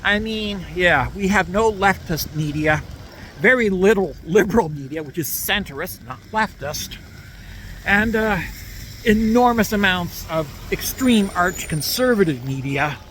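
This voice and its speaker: A man's voice: high voice, animated, unhurried, a bit bright, a little hiss or hum. A man from Canada giving a sarcastic, ranting political monologue straight to the camera. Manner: sarcastic, ranting, mocks opponents. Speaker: political commentator. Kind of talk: solo opinion monologue.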